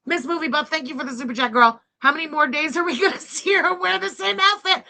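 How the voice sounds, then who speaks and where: A woman in her forties hosting a livestream reaction, loud, mocking and swearing, yelling often. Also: sits high, fast talker, vocal fry.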